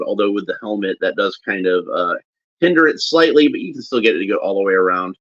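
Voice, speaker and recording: A man giving casual, halting unboxing commentary as a toy reviewer, often restarting as he handles a figure. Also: low voice, vocal fry, fairly bright tone, no room sound. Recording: dull lo-fi recording.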